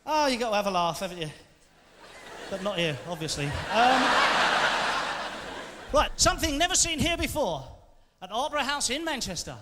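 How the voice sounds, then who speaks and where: A man's voice: very high-pitched, big pitch swings, normal speed, long pauses. A man performing a live stand-up routine on a large theatre stage, bantering cheekily with the audience. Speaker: stand-up comedian. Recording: live theatre recording, echoey hall, loud crowd and noise. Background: audience laughing.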